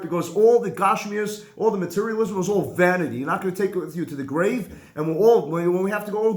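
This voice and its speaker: Animated rabbi teaching in an echoey room. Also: male voice, high voice. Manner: animated, conversational, mixes Hebrew and Yiddish terms. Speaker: rabbi teaching a halacha class. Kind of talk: Torah class lecture.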